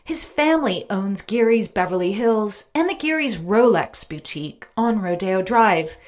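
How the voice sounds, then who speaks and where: A woman hosting a podcast, reading her narration in a measured, polished way. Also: medium pitch, animated. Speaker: podcast host. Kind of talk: interview and scripted narration.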